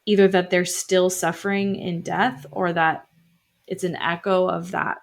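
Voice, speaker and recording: A woman's voice: on the low side, level tone, measured pace, vocal fry. A young adult woman co-hosting a podcast, telling a story in a casual chatty way with wry asides and lots of fillers. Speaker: podcast co-host.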